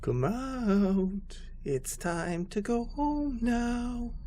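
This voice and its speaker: A man voicing a creepy, filthy old man who coaxes a hidden child in a sing-song, higher-pitched voice. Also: lively intonation, extremely slow, warm tone, faint music behind, full character voice. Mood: coaxing. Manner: falsetto-like high coaxing voice, like a man talking to small children.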